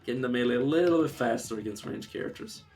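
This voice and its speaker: A man narrates his own gameplay in a loose, thinking-aloud murmur. His voice sits in an ordinary middle register. Quiet game music plays faintly beneath him. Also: mid-range voice, animated, fast. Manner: muttering and thinking aloud while playing. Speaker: game streamer. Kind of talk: casual live gameplay commentary.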